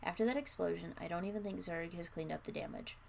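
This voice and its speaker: A weary young space ranger who sighs and grumbles through old troubles, read by a woman. His voice sits low with a gravelly rasp, tired rather than angry, a storybook hero. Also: fast talker, a little mellow, a little hiss or hum. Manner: sighing, grumpy.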